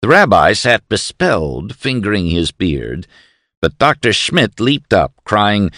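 A man reading a novel aloud as narrator in a measured, expressive storytelling manner. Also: lowish voice, no echo, clean studio sound. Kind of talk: audiobook narration.

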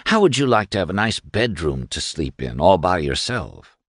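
A man's voice: low voice, very animated, normal speed, slightly rough, no echo, studio quality, heavily acted. A man voicing a courtly male prison-camp captain who coaxes politely with false kindness. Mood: coaxing. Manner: polite, coaxing, falsely kind.

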